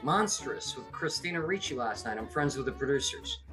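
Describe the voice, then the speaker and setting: A man's voice: medium pitch, animated, moderate pace, over music. A middle-aged man from upstate New York, a comedy producer chatting as a podcast guest, rambling with many restarts. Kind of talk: casual interview chat.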